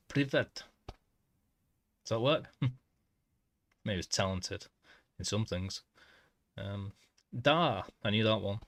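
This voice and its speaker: A man streaming a game, casually trying out foreign phrases haltingly and chuckling at himself. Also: lowish voice, lively intonation, no echo. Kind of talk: casual live-stream chat.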